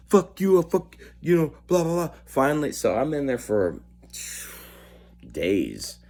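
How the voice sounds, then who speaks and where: A man with a very low, deep voice recounts a personal story in a blunt, unfiltered, conversational way. He swears freely and keeps checking in with his listener as he goes. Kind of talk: personal anecdote.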